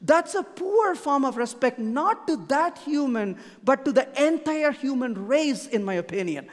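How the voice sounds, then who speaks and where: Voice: sits high, animated, a little slow. A conference speaker giving a keynote talk, emphatic and repeating key points for emphasis. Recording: long hall reverb.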